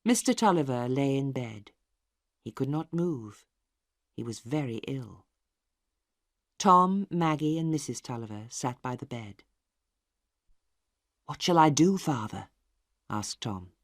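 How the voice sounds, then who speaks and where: A woman narrating a story in a slow, clearly spoken reading for English learners. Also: extremely low pitch, expressive, no echo, clean studio sound.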